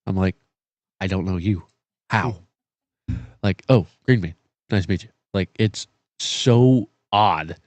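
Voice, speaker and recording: A man's voice: low-pitched, slow, long pauses, darkish tone, dry recording. A young man on a podcast who tells stories animatedly, acting out quotes and repeating himself. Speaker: podcast guest. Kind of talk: casual storytelling chat.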